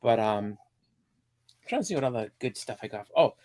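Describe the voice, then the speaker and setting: A man's voice: mid-range voice, animated, a little fast, a little mellow. A man hosting a live comics stream, chatting casually and rambling with many fillers and restarts. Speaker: comics show host.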